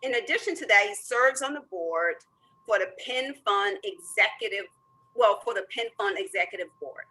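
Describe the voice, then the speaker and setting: Bright, energetic woman moderator. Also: medium pitch, moderate pace, husky, poor audio. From American South. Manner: energetic, enthusiastic. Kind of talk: webinar moderating, introducing a guest.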